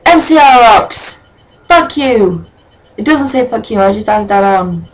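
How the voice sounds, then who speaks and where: Woman reading a fanfic out loud and roasting it, sarcastic and sweary, deadpan jokes. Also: mid-range voice, a little slow, rough recording. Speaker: reader and commentator. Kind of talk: comedic dramatic reading with commentary.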